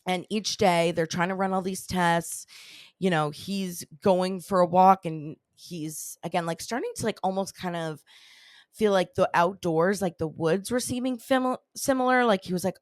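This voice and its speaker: A woman's voice: lowish voice, normal speed, no echo, studio quality. A woman hosting a podcast, casually telling a strange story in a rambling way, full of "like" and "you know.". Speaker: podcast host.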